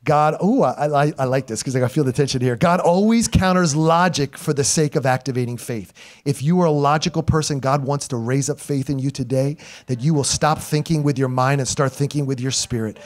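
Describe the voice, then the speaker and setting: A pastor in his forties preaching a sermon to his congregation, emphatic and animated, swinging from loud calls to hushed storytelling and laughing at himself. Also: medium pitch, fairly quick. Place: church sanctuary.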